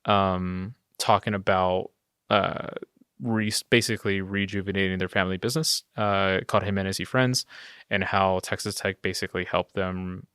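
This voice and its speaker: A man in his twenties, a videographer, telling stories in a casual interview, chatty and self-deprecating, breaking into high laughs. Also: fairly even intonation, moderate pace, a bit bright, clean tone, no room sound, clean studio sound. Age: 20s. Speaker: guest videographer.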